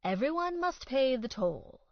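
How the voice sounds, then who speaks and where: A woman's voice: sits high, big pitch swings, measured pace, no room sound, muffled recording, voice pushed up, exaggerated voice. A woman narrator voicing a bald man at a medieval reenactment, stubborn and leering, speaking in faux-archaic style. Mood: pompous.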